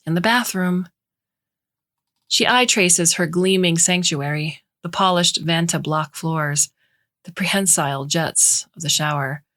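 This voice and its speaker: A woman narrating a short story in a measured, even way. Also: sits low.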